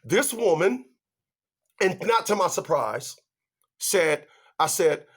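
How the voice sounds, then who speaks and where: A man giving relationship advice in an animated monologue, emphatic and stammering as he talks straight to his audience. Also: high voice, takes it slowly. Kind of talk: animated ranting monologue to viewers.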